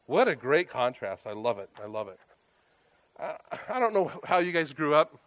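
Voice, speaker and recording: A man preaching a sermon, telling stories in a conversational, animated way. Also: fairly high pitch, normal speed, no echo. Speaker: pastor.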